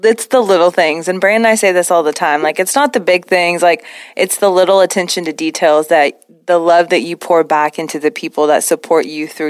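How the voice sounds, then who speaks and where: Podcast host, smooth clear voice, dry sound, supportive and upbeat. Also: mid-range voice, no room sound. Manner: enthusiastic, supportive listener. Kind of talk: casual chat.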